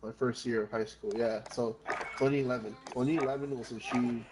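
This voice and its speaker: Very low-voiced woman, rambling storyteller. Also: steady tone, fairly quick, very noisy. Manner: rambling storytelling, heavy swearing, mixes in Spanish. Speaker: streamer. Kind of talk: casual chat while gaming.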